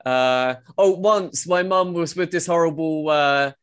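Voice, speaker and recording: A man's voice: a little high, a little slow, a bit bright, smooth. A man chatting casually as a podcast co-host, playful and telling stories. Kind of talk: casual chat.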